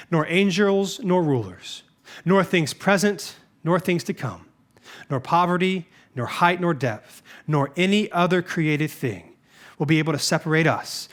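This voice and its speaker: Emphatic high-voiced male pastor preaching. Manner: emphatic, rising on scripture and questions, dropping softly at phrase ends. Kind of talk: sermon.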